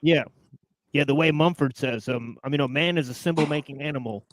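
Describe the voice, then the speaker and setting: A male host of an online talk show speaking hesitantly, with many pauses and ums. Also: on the high side, background noise. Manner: hesitant, full of ums and likes. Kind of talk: casual talk show chat.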